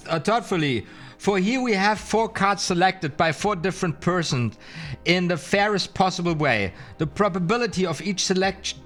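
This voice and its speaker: Teaching card magic in a relaxed live stream, a German-accented man reads aloud in English, his second language, slowly sounding out words and filling pauses often. His high, slightly bright voice stays playful and chatty despite the hesitation.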